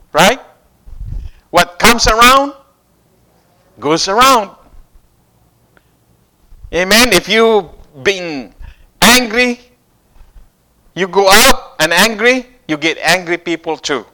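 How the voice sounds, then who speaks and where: Male preacher, high voice, unhurried, prompts the congregation with questions. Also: animated, pushed and bright, rough recording. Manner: call-and-response questions to the congregation, repeating phrases. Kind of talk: sermon.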